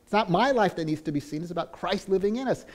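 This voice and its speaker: Preaching as a pastor, a man with a high, expressive voice speaks quickly and earnestly. He frequently repeats words and starts over, his volume swinging from loud passages to hushed ones.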